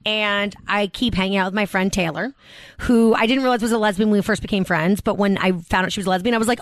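A woman's voice: medium pitch, no room sound. A woman from the Boston area, a podcast guest telling casual stories full of "like" fillers and acted-out quotes. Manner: fast storytelling, many "like" fillers, acts out quotes. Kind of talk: casual chat.

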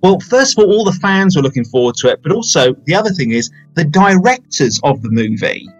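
A man's voice: fairly high pitch, big pitch swings, a little fast, muffled recording, soft background music. A man in his forties hosting a podcast, chatting about films in a rambling, self-mocking way. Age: 40s. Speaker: podcast host. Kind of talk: casual film chat.

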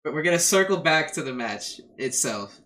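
A man's voice: fairly high pitch, lively intonation, normal speed, bright, forceful tone. A man co-hosting a podcast, putting questions in an emphatic, building way. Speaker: podcast co-host. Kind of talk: casual podcast chat.

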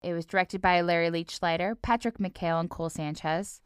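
A woman's voice: on the low side, fairly even intonation, brisk, smooth, no room sound, clean studio sound. A young woman co-hosting a casual podcast, recapping a cartoon episode with lots of laughter and silly joke voices. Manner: giggly, playful, does silly voices. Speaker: podcast co-host.

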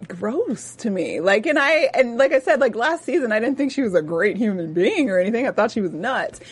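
A woman's voice: on the high side, lively intonation, a little fast, breathy edge. A woman co-hosting a casual after-show chat, emphatic and opinionated, her voice jumping up when she gets worked up. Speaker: co-host. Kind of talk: casual chat recapping a TV episode.

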